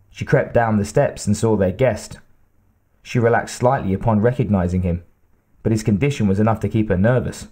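A male narrator reading a novel aloud in a measured, steady way. His voice sits somewhat low and has a mellow, dark tone. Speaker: audiobook narrator. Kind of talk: scripted narration.

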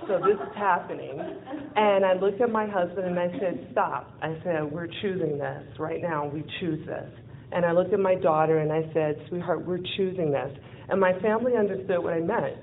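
Speaking at an event in front of an audience, a woman shares a personal story in a fairly low voice at a moderate pace. She laughs a lot and animatedly performs the dialogue she quotes. Her audio comes through tinny and lo-fi, like a phone, with a faint hiss.

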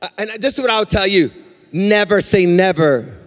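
A male pastor preaching a sermon in a sing-song cadence that swells into shouts, acting out quotes as he goes. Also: high voice, normal speed. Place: church sanctuary. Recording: reverberant church hall.

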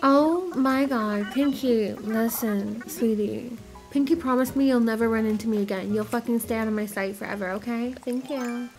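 A woman with a fairly high voice hosts her gaming channel, offering casual game commentary punctuated by dramatic, profane, exaggerated outbursts.

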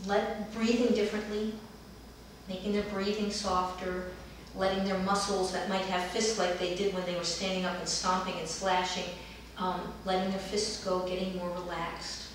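Middle-aged woman, dance therapist, calm gentle storytelling, very roomy echo, voice heard from a distance. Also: medium pitch, normal speed, slight background noise. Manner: calm, gentle storytelling, livelier when acting out children.

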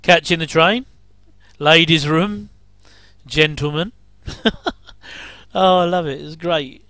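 A man's voice: a little high, takes it slowly, bright, forceful tone, no room sound. A man giving a casual, rambling commentary over an old TV episode, with frequent chuckling asides.

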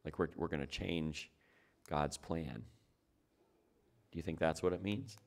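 A man's voice: extremely low pitch, unhurried, gravelly. A man preaching a sermon as pastor, talking it through in a conversational way and asking his listeners rhetorical questions.

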